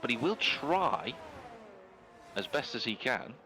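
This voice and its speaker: A male race commentator calls the action lap by lap in a brisk, lively play-by-play. His voice is bright and forward, pushing up in pitch whenever there is a crash or an overtake. A faint hiss of noise sits behind him. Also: rough recording. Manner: brisk play-by-play, rising with incidents. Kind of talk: live esports race commentary.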